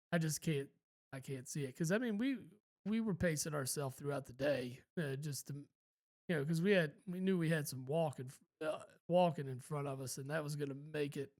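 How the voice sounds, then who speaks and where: Rambling podcast man, a bit high. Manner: rambling, laid-back, swears freely. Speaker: podcast co-host. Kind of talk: casual storytelling chat.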